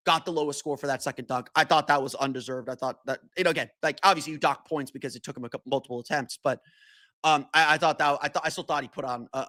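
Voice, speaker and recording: A man's voice: fairly high pitch, bright, forceful tone, dry recording. A man hosting a solo sports podcast, talking casually with many restarts and fillers. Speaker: podcast host.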